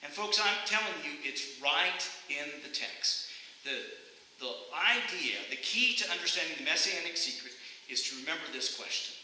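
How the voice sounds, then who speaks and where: Male pastor, conversational sermon, high expressive delivery, church hall reverb. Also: normal speed. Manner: animated, conversational preaching with rhetorical questions. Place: church sanctuary. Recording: echoey hall, faint hiss.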